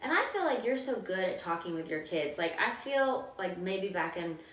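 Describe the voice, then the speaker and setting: A woman's voice: medium pitch, very animated, fairly bright tone, slight background noise. A woman in her thirties hosting a podcast, talking in a casual, confessional way with many fillers. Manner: fast, filler-heavy, confessional talk. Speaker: podcast host. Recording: roomy sound, mic at a distance.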